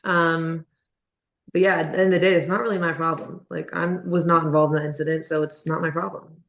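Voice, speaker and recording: A woman's voice: sits low, flat delivery, fairly quick, gravelly. Blunt woman boxer in an echoey room. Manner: candid and blunt, filler-heavy speech. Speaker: professional boxer interviewee. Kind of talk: casual interview.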